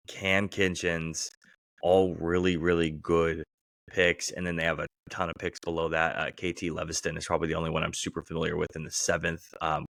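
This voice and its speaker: A man co-hosting a podcast, chatting casually about sports with a relaxed manner and plenty of fillers. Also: low voice, vocal fry, dry recording, studio quality. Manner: relaxed, fillers, animated when retelling stories. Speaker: podcast co-host.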